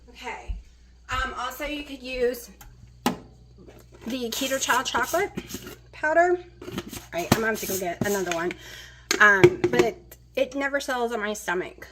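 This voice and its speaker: A woman's voice: a little high, very noisy. A woman chatting casually as she cooks in her home kitchen, rambling with plenty of fillers. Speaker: vlogger. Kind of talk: casual kitchen vlog chat.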